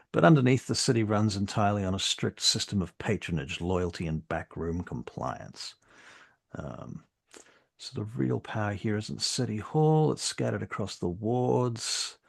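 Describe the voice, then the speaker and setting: A man's voice: on the low side, gravelly. A man running a tabletop role-play game as game master, narrating scenes casually with lots of fillers.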